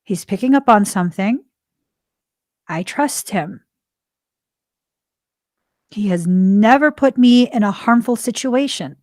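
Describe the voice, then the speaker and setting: A woman's voice: medium pitch, takes it slowly, long pauses, darkish tone, dry recording, studio quality. A woman hosting a spiritual podcast, talking casually, laughing often and acting out the voices of people she quotes. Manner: chatty, laughs often, acts out quoted dialogue. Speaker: podcast host.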